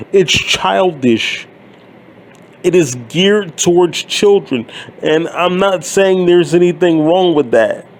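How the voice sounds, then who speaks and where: A man in his thirties delivers a profane, sarcastic rant in a fairly high voice. He talks slowly and bluntly, leaning into each complaint. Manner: blunt, sarcastic, swears freely. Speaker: wrestling commentary YouTuber. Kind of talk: profane ranting monologue.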